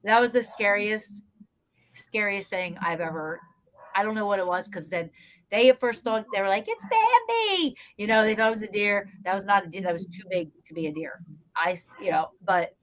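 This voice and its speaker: Guest spot: woman investigator, expressive storyteller, mid-pitched, chatty. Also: a little fast. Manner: animated storyteller, acts out scenes, frequent fillers. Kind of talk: casual storytelling interview.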